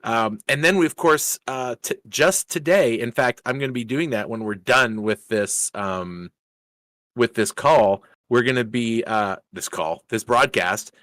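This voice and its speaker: A man's voice: medium pitch, measured pace, fairly bright tone, no room sound. A man hosting a racing league live stream in casual chat, rambling with lots of fillers and restarts in an upbeat way.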